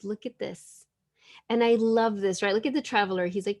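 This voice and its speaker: A woman's voice: medium pitch, fairly even intonation, brisk. A woman hosting an online spiritual gathering, reading oracle cards to the group in a casual, gushing, enthusiastic way over a video call.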